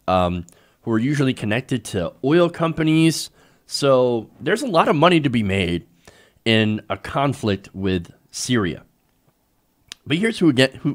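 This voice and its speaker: Casual, sarcastic male political commentator. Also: fairly high pitch. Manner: casual, sarcastic, chuckling, many fillers. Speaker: host.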